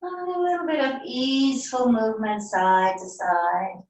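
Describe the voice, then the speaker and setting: A woman yoga teacher giving slow, soothing, unhurried cues in a live class. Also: on the high side, big pitch swings, a little mellow, slight background noise. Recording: echoey room, mic far off.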